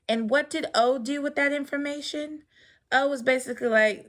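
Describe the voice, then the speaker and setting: A woman's voice: high voice, moderate pace. A young adult woman hosting a casual recap of a reality show, talking in a chatty way with lots of fillers and the odd sigh. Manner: chatty, with many fillers and sighs.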